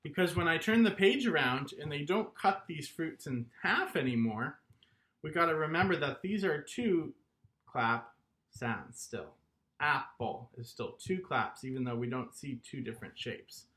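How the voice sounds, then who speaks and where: Male kindergarten music teacher, animated pitch, slow deliberate delivery, encouraging. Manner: animated, encouraging, chants rhythms and claps along. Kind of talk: online music lesson for young children.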